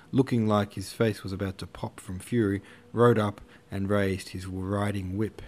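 A man's voice: fairly low pitch, flat delivery, normal speed, hardly any pauses, a little mellow. A man narrating a classic novel in a slangy, irreverent retelling. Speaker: audiobook narrator. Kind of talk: casual audiobook narration.

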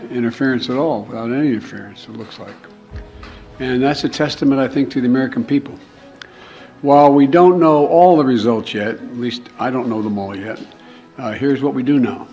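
A man giving a formal political address in a measured, halting way, pausing often. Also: medium pitch, a little mellow, dull audio. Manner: measured, halting with frequent uh pauses.

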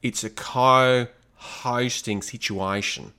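A man's voice: on the low side, lively intonation, slow, creaky, pushed and bright, clean tone, full character voice. A man putting on a hammy Australian host. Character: hammy Australian-accented man hosting a show.

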